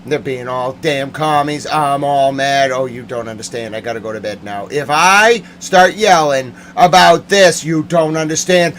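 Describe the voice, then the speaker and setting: Brief: male streamer, mock-furious sarcastic rant, bright edgy voice, faint hum behind. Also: on the high side, measured pace. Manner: sarcastic, mock-angry, shouting bursts. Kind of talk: ranting commentary.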